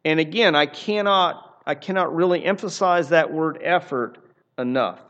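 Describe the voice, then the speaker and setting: A man's voice: on the high side, moderate pace, fairly bright tone, lo-fi sound. A man preaching a sermon in an earnest, emphatic way, often repeating phrases for emphasis. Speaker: pastor.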